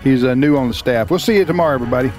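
Male talk radio host, mid-pitched, halting and jokey studio banter. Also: over loud music. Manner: halting, repeats words, joking. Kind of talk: casual studio chat.

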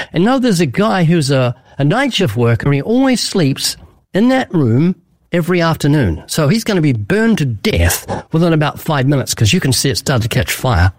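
A man with a fairly high voice speaks in an earnest, preaching manner, driving his points home with emphatic storytelling. The sound is dry and close, with no room around it. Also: very animated, moderate pace, no room sound. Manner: emphatic, vivid storytelling with acted-out quotes. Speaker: guest evangelist. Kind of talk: earnest preaching-style interview answers.

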